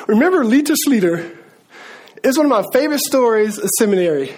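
Animated, emphatic male preacher. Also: very high-pitched, fairly quick, husky. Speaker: pastor. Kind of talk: sermon.

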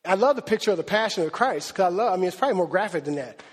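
A preacher gives a lively, conversational sermon at a very fast clip, dropping into slang and acting out the story's characters. His high, slightly husky voice carries a long reverb from the hall.

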